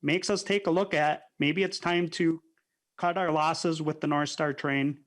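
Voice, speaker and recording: A man's voice: fairly high pitch, fairly even intonation, unhurried, a bit bright. A man, a state legislator, arguing firmly in a committee hearing and pressing his points. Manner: firm, argumentative, repeats points.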